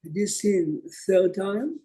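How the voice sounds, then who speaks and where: A man's voice: sits high, big pitch swings, very slow, mellow, rough recording. An older man from Jerusalem, a rabbi teaching an online class and telling stories in English sprinkled with Hebrew terms.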